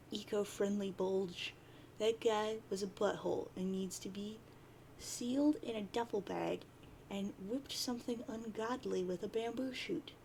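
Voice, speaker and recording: A woman doing a brash bird-fused teen boy, cocky, offhand, a little gravelly. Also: mid-range voice, dark tone, a little hiss or hum, close to an everyday voice. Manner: reading chat lines aloud in a near-plain voice.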